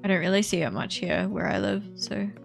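A woman speaks fast with vocal fry and fairly even, medium-pitched intonation while faint music plays behind her. Exploring a game in chatty, filler-heavy let's-play commentary, she hesitates often and squeals happily at cute animals.

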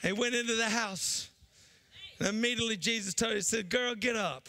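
Pastor guy preaching loud, high bright gravelly voice, goes from shouting to low. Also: steady tone, fairly quick, background noise. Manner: preaching in bursts, shouting and then dropping low; acts out the people in the story in their voices. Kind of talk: sermon.

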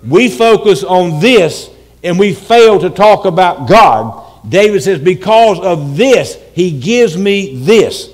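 A man preaching a church sermon, animated and dramatic, breaking into shouted calls and humorous asides. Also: high voice, slow. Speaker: pastor. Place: church sanctuary.

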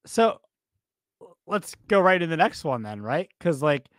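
A man co-hosting a baseball podcast in a casual, animated chat, rambling and often repeating himself. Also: on the high side, unhurried, no echo, studio quality. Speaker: podcast co-host.

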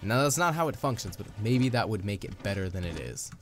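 A man's voice: fairly low pitch, sing-song, a little fast. A young man giving casual, chatty commentary while playing a video game, upbeat with playful asides. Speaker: let's play host. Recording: music playing underneath.

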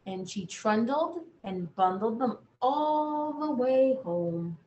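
A woman's voice: on the high side, expressive, slow pace, dull audio, a little hiss or hum. Sing-song woman reading a bedtime story. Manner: gentle, sing-song, talks to children. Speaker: children's librarian. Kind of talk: bedtime picture-book read-aloud. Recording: echoey room.

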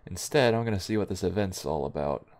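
Young male gaming host, deep and gravelly, dry offhand muttering over keyboard clicks. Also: lively intonation, fast talker, darkish tone. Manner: offhand, wry muttering while playing. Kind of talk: let's play commentary.

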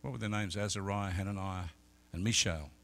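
A middle-aged man preaching a sermon as an evangelist, telling stories and swinging from quiet talk to loud shouted peaks. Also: deep voice, fairly even intonation, fairly quick. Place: church service.

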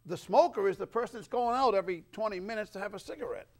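A male talk show host with a high voice and a gravelly edge to it. He chats casually in a studio, tossing out quick questions and repeating himself as he goes. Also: expressive, a little mellow. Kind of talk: casual interview chat.

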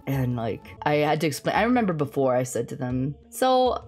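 A young woman streamer telling a family story in casual chat, laughing often and talking in a bubbly, animated way. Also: low-pitched, moderate pace, soft background music.

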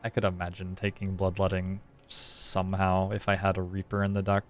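Male streamer, deeper register, unhurried over-explainer of every move, soft game music under him. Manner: relaxed, thinks aloud, explains at length with frequent "like". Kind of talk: casual live-stream gameplay commentary.

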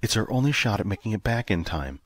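A man voicing a caring young woman on a spaceship crew, speaking gently but firmly in an audiobook. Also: fairly low pitch, animated, fast, dry recording. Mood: coaxing. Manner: gentle but firm, softly spoken. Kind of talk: audiobook character reading.

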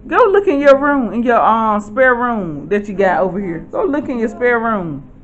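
A woman voicing a gentle male divine voice who gives her calm, direct instructions in a home vlog. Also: a little high, normal speed, highs cut off, faint music behind. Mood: instructive.

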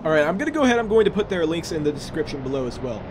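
A man hosting a let's play, commentating excitedly with loud exclamations and jokes. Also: a little high, very fast, over music. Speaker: gaming channel host.

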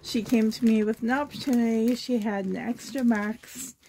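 Fairly high-pitched yet dark in tone, her voice stays steady at a normal speed over slight background noise. A Canadian reborn doll vlogger, she chats effusively through an unboxing, laughing often, teary, with a slight cough.

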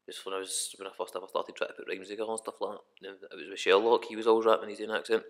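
A man's voice: on the low side, flat delivery, very fast. A young Scottish man, a rapper guest on a podcast, talking in a rambling, casual way and swearing often. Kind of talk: casual chat.

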